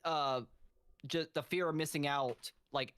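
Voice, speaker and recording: Slightly high-voiced man, crude joking banter. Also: fairly even intonation, measured pace, a crowd in the background. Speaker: podcast co-host. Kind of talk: casual chat.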